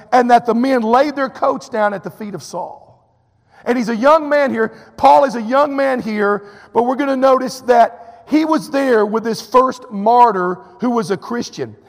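High-voiced storytelling preacher from Texas. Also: male voice, creaky, big-room sound. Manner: animated, acts out quotes, drawling fillers. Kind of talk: storytelling sermon.

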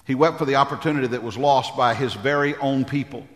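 A man preaching from the pulpit in a mid-pitched voice, hammering his points home with repeated phrases. He calls out to the congregation for amens, and his voice rings through a hall with a long reverb tail. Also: quick pace. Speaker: pastor. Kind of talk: sermon.

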